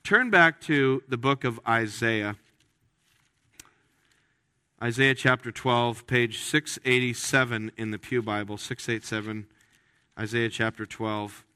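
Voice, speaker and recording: A man's voice: mid-range voice, slow pace, long pauses, sharp tone, clear, resonant tone, no room sound. A man preaching a sermon in a church, talking in a conversational, joking way and often restarting his phrases. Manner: conversational, with frequent restarts and jokes. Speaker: pastor. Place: church sanctuary.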